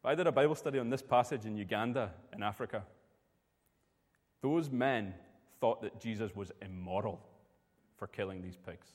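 Preacher telling a story in a hall. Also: male voice, fairly low pitch, normal speed, long pauses, a little mellow. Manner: storytelling, conversational. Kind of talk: sermon.

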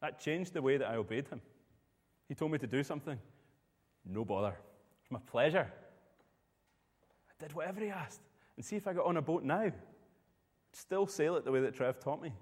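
A man's voice: on the high side, animated, brisk, long pauses, darkish tone, long reverb tail. A man preaching a sermon, telling a personal story in a conversational way.

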